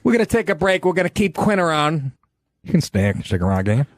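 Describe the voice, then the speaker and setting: A man hosting a podcast in casual chat, telling stories with swearing and quick impressions. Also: a little high, sing-song, no echo, studio quality. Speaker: podcast host.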